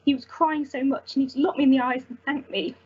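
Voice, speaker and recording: A young woman telling a personal story as a volunteer, earnest and halting with emotion. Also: sits high, fairly even intonation, darkish tone, highs cut off. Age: young adult. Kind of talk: personal testimony.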